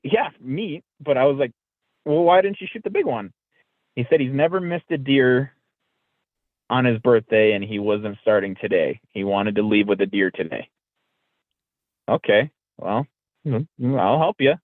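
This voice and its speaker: A mid-range male voice, somewhat slow with long pauses, belongs to a podcast guest casually recounting a story and performing the quoted dialogue. No room sound comes through; the audio is dry and phone-like, tinny.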